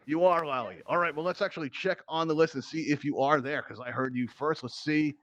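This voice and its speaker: Fast-talking teasing male game show host. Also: fairly high pitch, fairly bright tone, muffled recording. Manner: playful, teasing banter with contestants. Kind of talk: hosting a live virtual reality game show.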